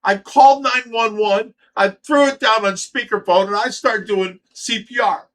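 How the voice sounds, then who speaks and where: Bright-voiced middle-aged man telling a story. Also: high-pitched, steady tone, moderate pace. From Ohio, USA. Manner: profane, stammers and repeats words. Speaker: livestream host. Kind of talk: casual storytelling.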